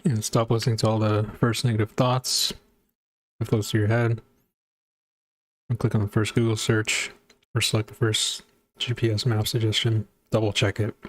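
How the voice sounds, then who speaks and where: A man co-hosting a casual chat, relaxed and agreeable, laughing easily. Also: fairly low pitch, normal speed, pauses often. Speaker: podcast co-host.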